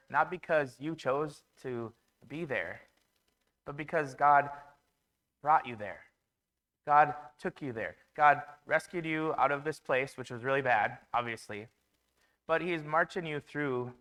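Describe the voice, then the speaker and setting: A man's voice: mid-range voice, bright, forceful tone. A man preaching a conversational sermon in a church, with fillers and restarts.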